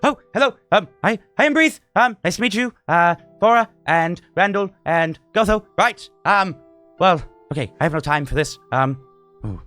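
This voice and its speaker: A scatterbrained woman wizard in a tabletop game, talking fast and high in a breathless rush, as a man puts her on. Her voice has a bright, lively lilt. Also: faint music behind. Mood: frantic.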